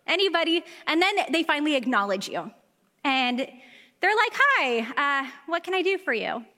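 A young woman gives a sermon from a church stage, her high, bright voice carrying a long reverb through the hall. She tells her stories with lively energy and slips into quoted voices as she goes. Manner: animated storytelling, acts out quoted voices. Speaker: preacher. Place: church sanctuary.

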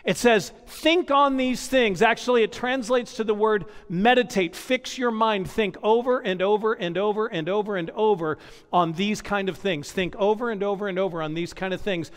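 A man's voice: sits high, moderate pace, clear, resonant tone. A man preaching a sermon as pastor, building points through repetition and personal stories. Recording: long hall reverb.

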